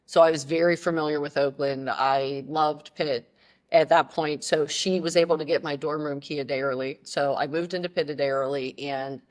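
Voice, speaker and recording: A woman in her thirties from the Pittsburgh area, a podcast guest telling her story in a casual, animated way with many fillers and restarts. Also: low-pitched, normal speed.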